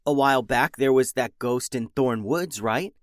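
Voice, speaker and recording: A man voicing an eager, excitable young woman who runs an adventuring business in a children's story, talking in a bubbly, gushing way. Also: medium pitch, normal speed, no echo, studio quality, close to an everyday voice.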